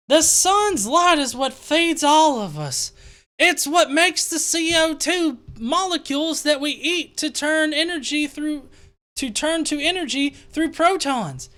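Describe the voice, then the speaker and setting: A man's voice: extremely high pitch, lively intonation, slow pace, pushed and bright. A young man hosting a live stream, reading viewer comments aloud and mocking them with laughter and constant swearing. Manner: profane, laughing, sarcastic. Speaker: show host.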